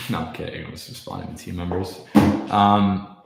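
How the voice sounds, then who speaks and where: A man's voice: low-pitched, little pitch movement, moderate pace, gravelly, heavy background noise. A young man livestreaming, ranting casually and profanely while answering his chat. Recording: echoey room.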